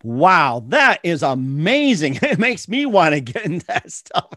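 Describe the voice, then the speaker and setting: Brief: male host, playful and reactive, slightly high voice. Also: sing-song, a little slow, sharp tone, dry recording, clean studio sound. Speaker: interview host. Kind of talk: casual interview chat.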